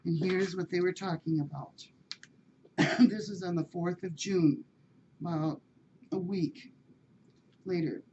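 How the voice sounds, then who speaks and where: Low-voiced woman reading an animal story. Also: steady tone, takes it slowly, long pauses. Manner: chatty, addressing listeners directly. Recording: dull lo-fi with faint hiss.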